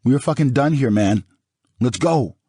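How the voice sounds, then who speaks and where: Audiobook: narrator as a worried male sidekick, low husky voice, dry recording. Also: animated, normal speed, dark tone, no echo. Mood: urgent. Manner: low, urgent pleading. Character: male friend, anxious, urging to leave.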